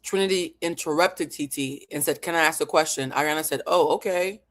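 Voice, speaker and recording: A woman's voice: low voice, brisk. Woman, live stream host, analytical, emphatic, swears freely, breaks things down point by point.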